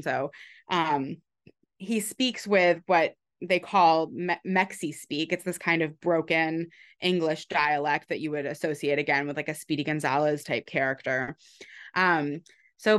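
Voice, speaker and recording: A woman's voice: sits low, fairly bright tone. A woman author and historian answering interview questions, explaining her research with frequent fillers, restarts and light laughs.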